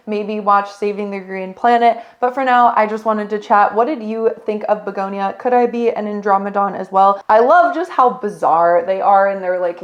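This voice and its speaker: A woman giving a casual, rambling movie review, talking enthusiastically and directly to her viewers. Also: mid-range voice. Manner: rambling, restarts, occasional laughs. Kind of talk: casual unstructured chat.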